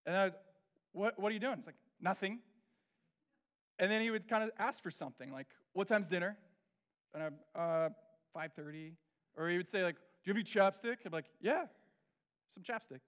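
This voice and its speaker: A middle-aged man delivers a storytelling sermon. His voice sits high for a man, and he slips into the voices of the people in his story as he tells it. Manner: animated, acts out quoted voices. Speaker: pastor.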